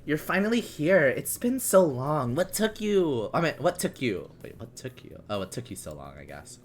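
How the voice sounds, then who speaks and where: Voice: mid-range voice, big pitch swings, normal speed, soft background music, natural voice. Narrator doing a gushing young woman.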